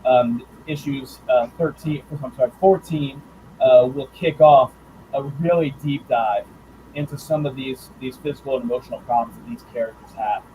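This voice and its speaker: A man who writes and draws comics, talking about his work in a casual interview, thoughtful and halting with fillers and restarts. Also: mid-range voice, warm tone, a little hiss or hum, rough recording. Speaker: comics writer and artist guest.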